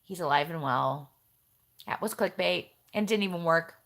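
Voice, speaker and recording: A woman's voice: fairly low pitch, moderate pace, gravelly, a bit bright. A woman hosting a casual live stream, chatting in a rambling way and talking straight to her viewers as she reads their comments. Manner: chatty and rambling, jumps between topics, talks straight to viewers.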